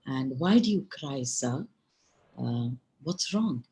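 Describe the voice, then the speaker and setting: A woman storyteller voicing a kindly old male monkey who speaks quietly and calmly. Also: rumbling low, slow pace, exaggerated voice, poor audio. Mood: gentle.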